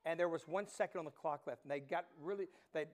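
A middle-aged man preaching a sermon as pastor, animated storytelling that swings from hushed to loud. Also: fairly high pitch, quick pace.

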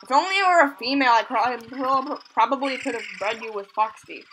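A woman hosting a let's play, giving excitable commentary and gushing over cute animals. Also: sits high, a little fast, background noise. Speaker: gaming channel host.

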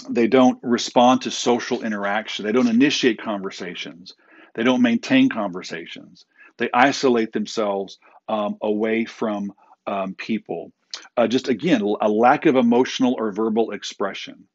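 A man's voice: fairly low pitch, lo-fi sound. A man giving a classroom lecture in a conversational way, with fillers and restarts, sometimes acting out short quoted exchanges. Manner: acts out quick quoted exchanges. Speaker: instructor.

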